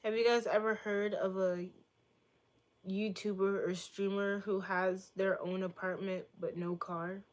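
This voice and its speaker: A woman's voice: medium pitch, level tone, unhurried. Young woman streamer from Boston, casual chat, cheeky and crude jokes, playful teasing delivery. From Boston, United States. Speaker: livestreamer answering chat.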